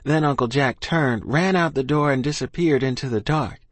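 A man reads a first-person story aloud in an earnest, steady manner. His voice sits at a middle pitch, and the recording is dry and close. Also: moderate pace, no room sound. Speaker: audiobook narrator.

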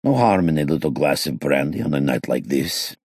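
A man voicing a reflective hotel owner who talks in a measured, slightly formal way. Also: extremely low pitch, lively intonation, darkish tone, no room sound, studio quality.

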